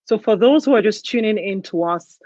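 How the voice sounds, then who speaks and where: A woman hosts a live call-in talk show, emotional and hesitant, stumbling through restarts. Her voice sits in a middle pitch. The stream audio is dull, lo-fi and dry. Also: expressive, fairly quick, darkish tone, dry recording.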